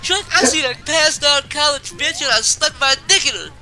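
A man voicing a brash, shameless male cartoon donkey who talks loud and cocky. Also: very high-pitched, lively intonation, normal speed, soft background music, pitched above the performer's own voice, heavily acted. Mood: brazen.

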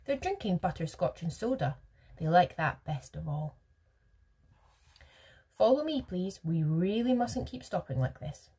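A woman voicing an eccentric, excitable male chocolate maker in a storybook reading, brisk and rude with the other characters. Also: on the low side, slightly rough, heavily acted. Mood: excited. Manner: quick-witted, brisk and rude. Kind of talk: storybook read-aloud.

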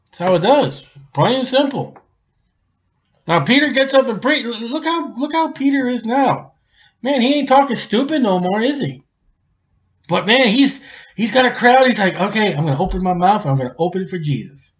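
A man preaching an expository sermon in a lively, colloquial way, swinging between loud and hushed. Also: very high voice, moderate pace. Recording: dull lo-fi recording.

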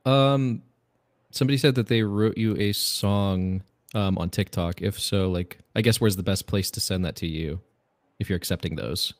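A man's voice: low voice, normal speed. A man co-hosting a live Q&A, reading out fan questions in a casual, easygoing way. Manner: chatty, easygoing, relays chat questions. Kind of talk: casual live-stream Q&A chat.

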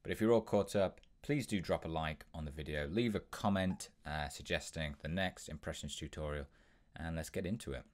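A man's voice: a bass voice, moderate pace, a little mellow. A young man hosting an impressions tutorial, explaining tips in an upbeat, step-by-step way. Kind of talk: instructional tutorial.

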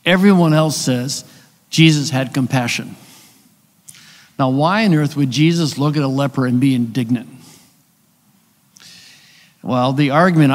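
A man giving a conversational conference lecture, explaining with rhetorical questions and asides. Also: mid-range voice. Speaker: conference speaker on biblical texts. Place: church hall. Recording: long hall reverb.

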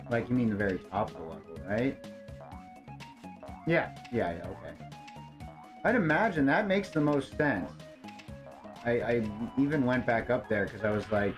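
A man's voice: medium pitch, very animated, moderate pace, long pauses, music in the background. A man streaming a video game, chatting casually and muttering to himself and his pets as he plays. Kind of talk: casual gameplay commentary.

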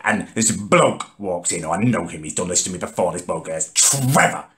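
A man's voice: sits low, lively intonation, moderate pace, a bit bright. A man, ranting indignantly in a comedic monologue. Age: 30s. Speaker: comedic vlogger. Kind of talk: comedic rant to camera.

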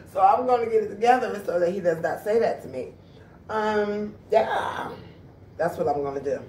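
Her medium-pitched voice is brisk and dark, with a bit of background noise, as she chats informally to viewers in her home vlog. She talks right to the camera from her house and backyard, recorded on the camera's own mic with a far-off, echoey room sound.

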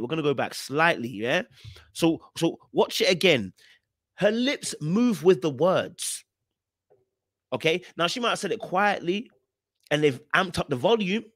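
A man's voice: fairly high pitch, no room sound, studio quality. A man with a British accent hosting a podcast, giving emphatic, repetitive commentary on reality TV clips. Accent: British English.

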